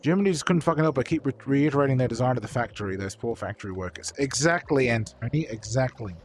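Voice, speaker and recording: A man's voice: mid-range voice, lively intonation, quick pace, a little hiss or hum. Casual, swearing male streamer chatting. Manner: rambling, profane, lots of fillers. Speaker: streamer painting models. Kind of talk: casual chat with stream viewers.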